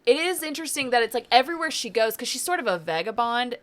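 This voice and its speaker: A woman's voice: fairly high pitch, big pitch swings, quick pace. A young woman with a Chesapeake Bay accent co-hosting a pop culture podcast, musing and searching for words. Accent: Chesapeake Bay region. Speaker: podcast co-host. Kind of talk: casual pop culture chat.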